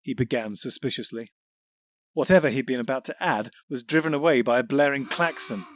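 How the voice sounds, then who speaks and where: Male narrator, measured storytelling; mid pitch, dry close booth. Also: no echo. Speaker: audiobook narrator. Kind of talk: scripted narration.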